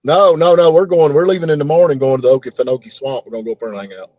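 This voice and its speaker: A man's voice: on the high side, very fast, darkish tone, no echo. A man with a Southern American accent hosting a casual chat, drawling and playful. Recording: dry, dull lo-fi mic.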